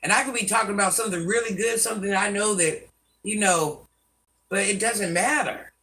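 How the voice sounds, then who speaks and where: A woman's voice: mid-range voice, fairly quick, fairly bright tone, far from the mic, a little hiss or hum, rough recording. An older woman hosting a live stream, scolding commenters by name and chatting with viewers. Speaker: livestream host.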